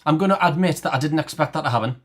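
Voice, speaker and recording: Geordie man, excitable word expert on a video call, laughs a lot. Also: on the high side, rapid-fire. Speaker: lexicographer on a quiz show. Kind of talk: casual chat on a call.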